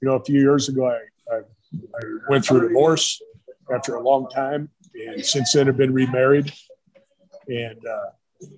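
A man's voice: mid-range voice, fairly even intonation, a little slow, poor audio. A middle-aged man, a retired football coach, telling long rambling anecdotes in a casual interview and acting out what others said to him. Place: brewery.

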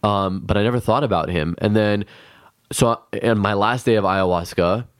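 A man's voice: fairly low pitch, normal speed, clean tone, dry recording, studio quality. A man from Los Angeles, a podcast guest, talking casually and earnestly with lots of fillers.

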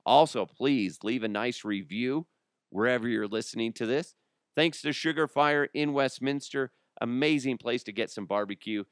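A man hosting his solo podcast in loose, joking chatter that often pokes fun at himself. His voice is smooth and resonant. It sits close on a dry microphone with no room sound. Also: mid-range voice, moderate pace, dry recording. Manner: joking, rambling, self-mocking. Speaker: podcast host. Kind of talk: casual solo podcast talk.

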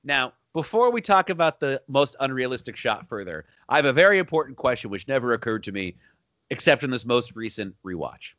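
Lively bright-voiced man chatting. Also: medium pitch, brisk, no echo. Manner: animated, laughing, breaks into shouted bits. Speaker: podcast co-host. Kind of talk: casual chat about a film.

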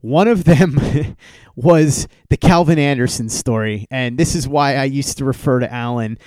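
A man's voice: medium pitch, unhurried, dry recording. A man hosting a podcast, telling a story casually and acting out the exchanges he quotes with a livelier voice. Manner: animated retelling, acts out quoted texts with raised voice. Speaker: podcast host.

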